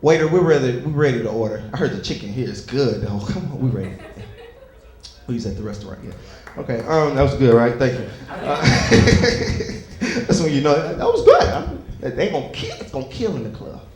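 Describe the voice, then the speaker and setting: A man's voice: mid-range voice, big pitch swings, moderate pace, a little mellow. A young man doing a stand-up comedy set, loose and conversational, chatting with the crowd between stories. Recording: echoey comedy club.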